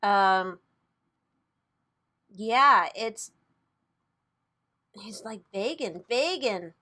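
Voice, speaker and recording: A woman talking through a tarot reading in a loose, chatty way, at an ordinary middle pitch for a woman. She swears freely and laughs at her own slips. Her delivery is casual and unpolished, like someone talking straight to her viewers. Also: animated, drawn-out words, sharp tone. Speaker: tarot reader and channel host.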